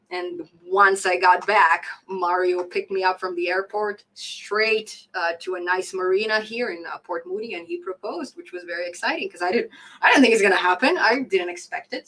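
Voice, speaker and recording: A woman's voice: lowish voice, normal speed, pushed and bright, low-quality recording. A woman in her thirties hosting a casual coding live stream, reading chat comments aloud, laughing often and repeating phrases for emphasis.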